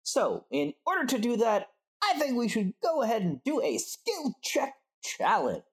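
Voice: mid-range voice, wildly swooping pitch, normal speed. A game master explaining the rules of a skill check to the players, step by step, with many fillers. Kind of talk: running a tabletop game session.

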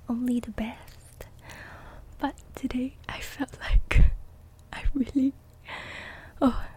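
A young woman, a little congested, chatting in soft-spoken ASMR and rambling through a story with lots of "okay?". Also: on the high side, a little hiss or hum. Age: young adult. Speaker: ASMR creator.

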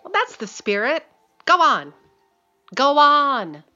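An actress in a radio play voicing a woman who teases her friend in a dry, slow way. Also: high voice, big pitch swings, sharp tone, muffled recording, faint music behind, heavily acted. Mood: teasing.

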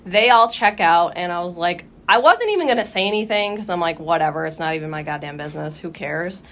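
A young woman co-hosting a podcast, telling a story in casual chat, animated, swearing freely and acting out her own reactions. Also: lowish voice, a little fast, slight background noise. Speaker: podcast co-host.

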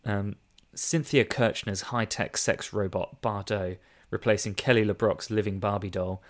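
A low-voiced male co-host keeps a casual film review podcast relaxed, speaking at normal speed and laughing often. When he reads reviews and quotes aloud, he turns theatrical, with mock emphasis.

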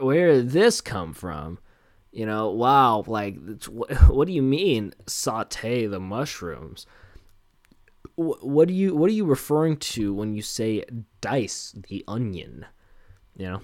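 Young man, podcast host, low voice, rambling, self-mocking, lots of fillers, dry close mic. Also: no echo. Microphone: handheld microphone with headphones.

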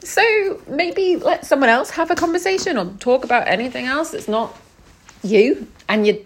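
A woman's voice: high voice, moderate pace. A young woman telling a story in a casual vlog, exasperated and quoting people as she goes. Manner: exasperated, animated retelling with acted-out quotes. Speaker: vlogger.

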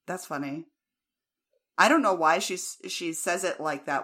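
An American woman chats in a relaxed way and laughs easily. Her voice sits very low for a woman. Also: normal speed. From United States. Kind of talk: casual chat.

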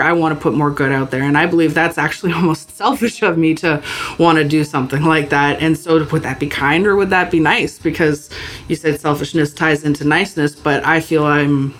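A woman from Canada, a guest on a casual podcast, talking in a relaxed, earnest way. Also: sits low, a little fast. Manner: relaxed, earnest, laughs often.

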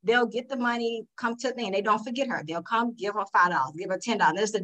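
A woman on a podcast panel, telling animated stories and acting out customers' lines. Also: mid-range voice, quick pace, low-quality recording. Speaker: panel guest. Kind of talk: casual podcast discussion.

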